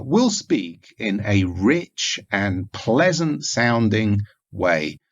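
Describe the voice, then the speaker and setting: Gravelly, lively-voiced male lecturer. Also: low-pitched. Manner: measured, explanatory delivery with occasional fillers. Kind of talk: recorded lecture on communication skills. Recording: dull lo-fi recording.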